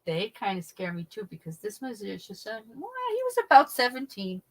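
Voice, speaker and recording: A woman's voice: medium pitch, moderate pace, rough recording. A middle-aged woman hosting a casual livestream, telling a funny story to her chat, swearing and laughing as she goes. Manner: animated, swearing, laughing mid-sentence. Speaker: livestream host reading chat.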